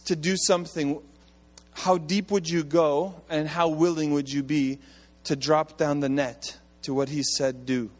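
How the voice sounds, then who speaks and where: A male pastor preaching in a casual, animated way, talking straight to his congregation. His voice sits a little high for a man. It rings out in a reverberant hall with faint music underneath. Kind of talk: sermon.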